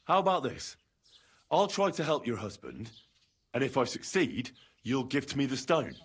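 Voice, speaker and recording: A man voicing a young healer who speaks calmly and bargains shrewdly. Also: mid-range voice, normal speed, husky. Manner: calm, persuasive, shrewd.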